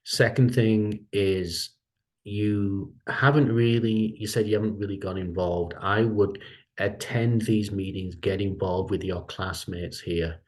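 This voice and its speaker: A man's voice: on the low side, steady tone, unhurried, darkish tone. A middle-aged man, a lecturer, talking casually in an online meeting, rambling and repeating himself as he gives advice.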